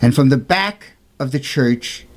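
Recounting a saint's life, this man speaks unhurriedly and expressively, keeping things informal and earnest. Emphatic rhetorical questions punctuate the tale, and he lifts his pitch to voice the quoted characters.

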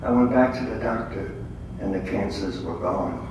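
A man's voice: low voice, normal speed, lo-fi sound. A man giving a conversational, testimony-style religious talk to a gathering, telling stories with blunt humor. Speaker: lay speaker at a faith gathering. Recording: echoey room from far off, faint noise.

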